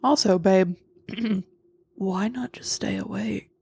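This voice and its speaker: A woman's voice: mid-range voice, a little mellow, husky, no echo. Wry, profane woman co-host. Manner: wry, profane, quick quips. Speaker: podcast co-host. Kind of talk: casual movie chat.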